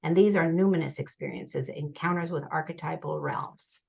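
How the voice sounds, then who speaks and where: A woman presents research in a measured, deliberate way, reading quotations aloud. Her voice sits low with a gravelly fry. The sound is dull and lo-fi, like a recorded video call. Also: darkish tone. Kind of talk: academic presentation reading interview quotes.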